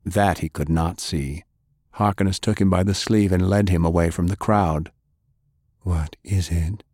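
Deep-voiced male audiobook narrator. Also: steady tone, normal speed, a little mellow, no echo, clean studio sound.

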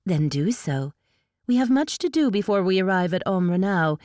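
A woman's voice: mid-range voice, lively intonation, normal speed, a little mellow, no room sound, studio quality, pitched above the performer's own voice, natural voice. Woman voicing a haughty elf lady. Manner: disdainful, chiding. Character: haughty female elf courtier.

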